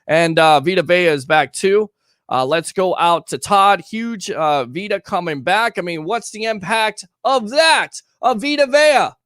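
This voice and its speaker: A man's voice: sits high, lively intonation, unhurried, fairly bright tone, dry recording, clean studio sound. A man hosting a live call-in sports show, talking emphatically and reading fan comments aloud. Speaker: sports talk show host.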